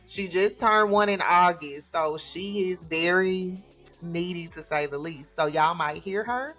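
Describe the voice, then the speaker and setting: A woman with a fairly low voice hosts a casual livestream from home. She talks loosely and easily and often breaks into a laugh. Faint music plays behind her. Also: unhurried. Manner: chatty, laughs often, relaxed. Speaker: livestream host. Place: home with children.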